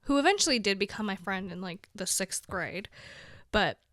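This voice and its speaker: A woman's voice: mid-range voice, animated, moderate pace, a bit bright. A young woman from Brazil chatting casually to her viewers, giggly and playful, often dropping into a whisper. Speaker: vlogger. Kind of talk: casual chat to camera.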